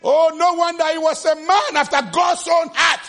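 A man preaching a sermon with passion, shouting refrains and acting out the scripture quotes. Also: flat delivery, normal speed. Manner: acts out quotes with sudden pitch jumps.

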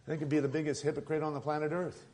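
A man preaching a sermon as pastor, conversational and joking, with quick asides. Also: a little high, level tone, a little mellow. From Tucson, Arizona.

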